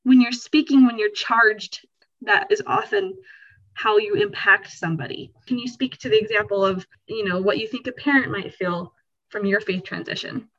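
A woman hosting a podcast, explaining ideas in a lively, conversational way and acting out what people might feel. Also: medium pitch, normal speed, muffled recording. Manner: animated, acts out quoted feelings. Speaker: podcast host.

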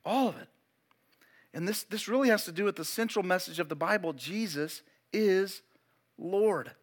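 A man's voice: high-pitched, moderate pace. A pastor in his forties preaching a sermon, emphatic and fervent, repeating key phrases and urging his listeners to pay attention. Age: 40s. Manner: builds to loud, fervent preaching.

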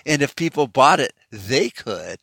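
A man's voice: medium pitch, big pitch swings, measured pace, gravelly, a bit bright, no room sound. A middle-aged man in a casual opinion monologue, ranting bluntly and swearing freely as he talks. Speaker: vlogger.

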